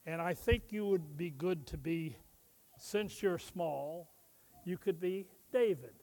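A man's voice: a little high, slow, mellow. A man doing a comic ventriloquist Bible story, patient and coaxing, with lots of fillers.

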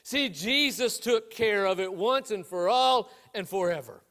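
A man preaching a sermon, telling stories and asking rhetorical questions, swinging between loud emphasis and hushed low lines. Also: expressive, unhurried. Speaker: pastor.

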